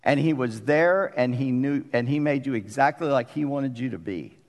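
A man's voice: medium pitch, normal speed, a little mellow. A middle-aged man preaching a conversational sermon as pastor, often putting questions to the congregation. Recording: long reverb of a church hall.

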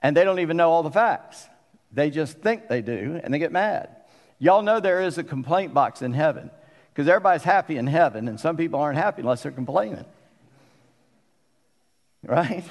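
A man's voice: a little high, expressive, normal speed, pauses often. Preaching man in a reverberant hall. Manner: conversational, asks the congregation questions. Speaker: pastor. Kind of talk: sermon. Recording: long reverb of a church hall.

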